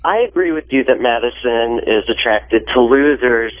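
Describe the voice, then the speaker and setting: Nasal guy calling into a radio show, thin phone-line sound, low hum. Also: normal speed. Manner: holding his nose. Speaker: caller.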